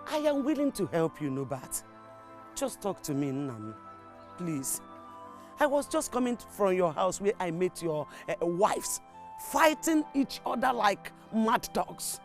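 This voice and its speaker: A woman's voice: medium pitch, very animated, measured pace, faint music behind. An actress playing a Nigerian mother who scolds and pleads with her grown son. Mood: pleading. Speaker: mother of the husband. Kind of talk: Nollywood film acting.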